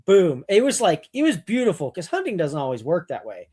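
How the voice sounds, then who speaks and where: A man telling a story as a podcast guest, blunt and animated, acting out what people said. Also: fairly high pitch, brisk, breathy edge. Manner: blunt and animated, acts out quoted voices. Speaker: podcast guest, mink hunter. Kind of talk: casual storytelling.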